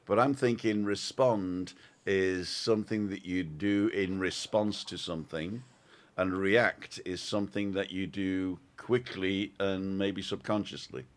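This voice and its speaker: Lowish guy co-hosting a live chat, greeting viewers one by one. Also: fairly even intonation, a little slow. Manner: reads out viewer names cheerfully. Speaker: co-host. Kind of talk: casual live-stream chat.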